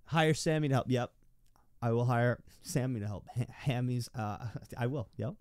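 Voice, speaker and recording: A man's voice: mid-range voice, normal speed, darkish tone, smooth, dry recording, studio quality. A young man streaming from home, rambling and stammering as he thanks his viewers. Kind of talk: live stream chat.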